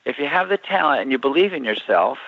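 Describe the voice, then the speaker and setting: An older man, a comedy writer and author, telling an animated story and acting out the voices. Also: medium pitch, fast, no room sound. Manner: lively storyteller, acts out voices. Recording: dull lo-fi sound, dry.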